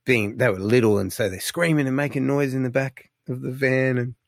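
A man with a gravelly, fry-edged voice tells stories as an interview guest. He talks casually and gets animated, with lots of fillers, and the sound is dry and close. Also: mid-range voice, brisk, no echo. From Australia. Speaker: guest musician.

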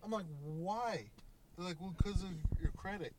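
A man's voice: high voice, normal speed, a little mellow, a little hiss or hum. A young man on a casual podcast chat, telling a story and acting out both sides of the exchange, swearing freely. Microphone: podcast microphone.

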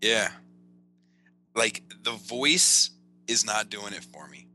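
A man co-hosting a podcast in casual movie chat, talking fast with lots of stammered restarts. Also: on the low side, lively intonation, pushed and bright, faint music behind. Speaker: podcast co-host.

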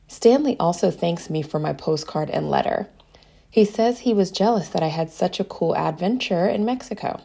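A woman's voice: sits low, normal speed, vocal fry, warm tone, breathy edge. A woman reading a children's story aloud, telling it in the first person as a young girl. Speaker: narrator.

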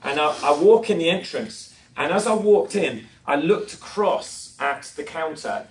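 A man's voice: a little high, lively intonation, unhurried, roomy sound. Man preaching, mic set back. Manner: storytelling, self-deprecating humour, asks the crowd questions. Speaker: conference speaker. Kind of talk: preaching talk to a live audience. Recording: distant mic with faint noise.

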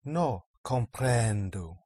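A man's voice: on the low side, animated, dark tone, slightly rough, no echo. A man in a language class, hesitantly answering the teacher's drill questions. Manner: hesitant, tries words out slowly. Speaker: language student.

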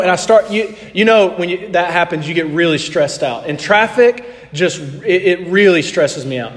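A man's voice: fairly high pitch, brisk, hardly any pauses. Man preaching in a reverberant hall. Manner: animated anecdote, acting out dialogue, drops to soft tones. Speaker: pastor. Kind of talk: sermon storytelling.

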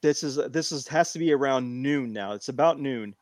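A man in casual chat, animated and repeating phrases as he tells a long story. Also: medium pitch, moderate pace, no echo. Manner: animated, repeats himself while telling a story.

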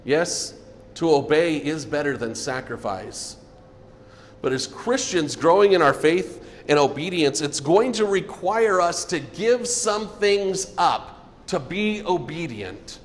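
A man preaching a sermon as pastor, earnest, often dropping to a soft low voice for emphasis. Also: expressive, takes it slowly, big-room sound, a little hiss or hum.

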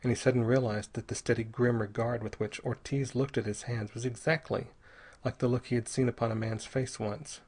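A man narrating an adventure story in a measured, steady reading voice. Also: medium pitch, slightly rough. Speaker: audiobook narrator. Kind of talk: scripted narration.

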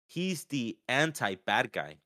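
Animated man in casual sports chat. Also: medium pitch, slow pace, dry recording, studio quality. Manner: animated, acts out quotes in raised voice.

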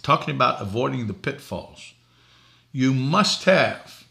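A man's voice: mid-range voice, expressive, a little slow, gravelly, bright, forceful tone. An older man from Boston, a preacher hosting a talk show, telling folksy stories and laughing at his own jokes. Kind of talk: preaching talk show answering viewer questions.

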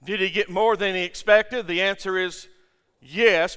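A man's voice: sits high, fairly even intonation, a little slow, pushed and bright, smooth. An older man preaching a sermon to a congregation, impassioned, with stammering restarts and rhetorical questions. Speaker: pastor. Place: church sanctuary. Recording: long church-hall reverb.

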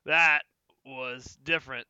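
A slow, drawling woman hunter, as a man puts her on, dazed but wry, in a bright, clear voice. The sound is dry and dull, like a lo-fi recording. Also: mid-range voice, fairly even intonation, no room sound, pitched below the performer's own voice.

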